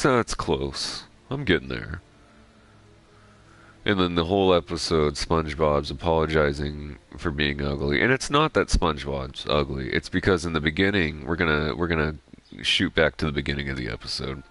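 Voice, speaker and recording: A man's voice: extremely low pitch, expressive, normal speed, fairly bright tone. A young man giving rambling, joking gameplay commentary with casual profanity. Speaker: gaming streamer.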